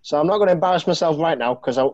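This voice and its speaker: A man's voice: a little high, very fast, dry recording, lo-fi sound. A man, an actor, chatting as a jokey podcast guest over a video call. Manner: jokey and animated.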